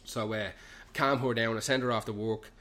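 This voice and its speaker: A young Irish man with a Dublin edge and an ordinary mid-pitched voice, recorded in a pub as he hosts his show. He spins a loose, run-on comic story, cursing constantly and tumbling from one clause into the next. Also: steady tone, normal speed, fairly bright tone. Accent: Irish, Dublin slang. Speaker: podcast host. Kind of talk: rambling comic anecdote.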